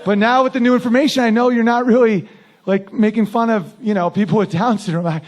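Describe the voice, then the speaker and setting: A man's voice: high-pitched, fairly even intonation, quick pace. A man doing a crude, brash stand-up routine who often laughs at his own lines. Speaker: stand-up comedian.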